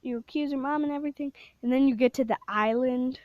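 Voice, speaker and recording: A woman's voice: sits high, fast talker, no room sound. A woman casually retelling a spooky game story, rambling with many fillers and self-corrections, sometimes dropping to a whisper. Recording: dull lo-fi dry recording.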